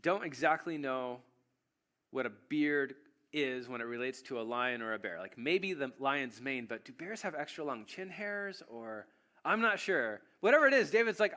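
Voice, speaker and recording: A pastor preaching a sermon, retelling a story in an animated, joking, conversational way. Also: male voice, mid-range voice, moderate pace.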